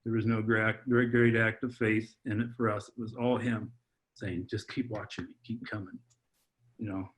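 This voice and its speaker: A man on a podcast, telling a heartfelt personal story in a halting way, full of restarts and repeated words. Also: on the low side, level tone. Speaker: podcast guest, father. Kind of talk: heartfelt personal testimony in conversation.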